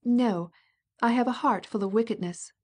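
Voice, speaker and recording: A proud princess, bitter and cutting, her words edged with wounded resentment, as a woman reads her in an audiobook. The tone is mellow and dark rather than shrill. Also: moderate pace, husky. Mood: bitter, indignant.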